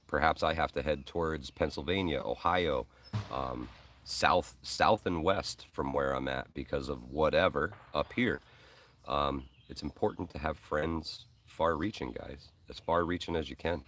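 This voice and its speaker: Very deep-voiced man chatting casually on a live stream. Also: measured pace, fairly bright tone, far from the mic, a little hiss or hum. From Hudson Valley, New York. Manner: rambling, friendly, many ums and uhs, says man and bro. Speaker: host of a preparedness live stream. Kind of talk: casual live-stream chat reading viewer comments.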